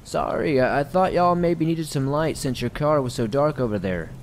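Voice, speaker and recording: A man's voice: on the high side, moderate pace, slight background noise, voice pushed up, natural voice. A man voicing an odd, pushy stranger who drawls and stammers in a horror story reading.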